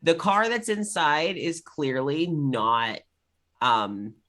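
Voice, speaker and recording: Bright-voiced game master, rambling narration. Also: medium pitch, takes it slowly. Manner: rambling, filler-heavy description.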